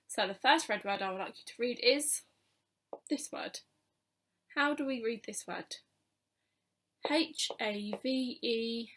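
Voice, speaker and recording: A woman teaching a phonics lesson to young children, sounding out each letter slowly and clearly with patient encouragement. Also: a little high, a bit bright. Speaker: primary school teacher.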